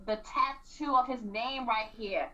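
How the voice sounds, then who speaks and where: A woman co-hosting a radio show, animatedly recapping a reality series and acting out quotes with frequent throat clearing. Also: a little high, unhurried, a crowd in the background. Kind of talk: casual recap chat. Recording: distant, dull lo-fi radio mic.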